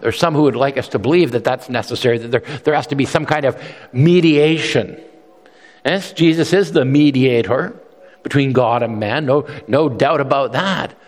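A man's voice: mid-range voice, moderate pace. A male pastor preaching a sermon in an earnest, emphatic way, often repeating words as he restarts. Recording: long reverb from a large hall.

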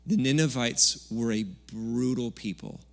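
A man's voice: mid-range voice, a little slow, vocal fry. A man preaching a Sunday church sermon in a conversational, jokey way, now and then raising his voice. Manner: conversational, jokey preaching with sudden loud bursts. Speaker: pastor. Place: church service.

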